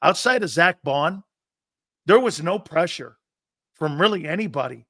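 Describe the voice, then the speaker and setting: A man hosts a sports talk show, pressing his guest with pointed questions and quoting numbers. His voice is high and bright, and it sounds close and dry, with no room echo. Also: expressive, measured pace. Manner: asks pointed questions, cites stats. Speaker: show host.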